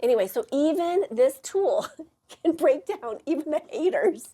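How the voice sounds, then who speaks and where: A woman hosting a casual chat, telling stories with lots of playful acted-out quotes. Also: unhurried. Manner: animated storyteller, acts out quotes in high voices. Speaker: podcast host.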